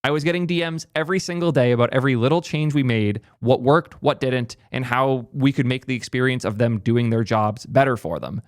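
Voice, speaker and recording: A man's voice: medium pitch, no echo, clean studio sound. A young man hosting a tech channel, giving opinionated, emphatic commentary in a ranting style. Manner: emphatic, ranting, rapid asides. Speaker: tech YouTuber host.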